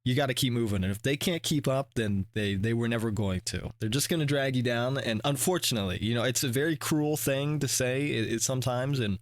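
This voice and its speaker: A man hosting a reaction video, talking in a casual, rambling way with many restarts and fillers, and swearing when he gets animated. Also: medium pitch, brisk, few pauses, no room sound. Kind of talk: casual reflective commentary.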